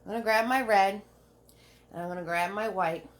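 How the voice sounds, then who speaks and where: A woman's voice: medium pitch, fairly quick. A woman giving a live painting lesson, chatting with viewers by name and repeating each step with a frequent "right?". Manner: repeats steps, asks "right?" often. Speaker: painting instructor.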